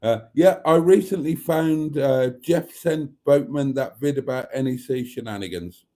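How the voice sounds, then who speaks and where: A man's voice: medium pitch, a little slow, warm tone. A man hosting a casual live stream, reading viewer comments aloud and chuckling often.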